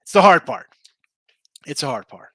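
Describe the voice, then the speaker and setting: A man's voice: on the high side, big pitch swings, moderate pace, fairly bright tone, slightly rough, dry recording, studio quality. A man hosting a sports betting livestream, chatting casually, rambling through picks and records and answering viewers by name. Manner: rambling, reads out picks and chat names, restarts often. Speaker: sports betting show host.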